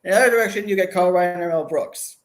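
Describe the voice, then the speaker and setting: A man's voice: sits high, racing. A man in his thirties, a guest chatting casually about his project, rambling and restarting his sentences. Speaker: guest, campaign creator. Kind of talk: casual chat.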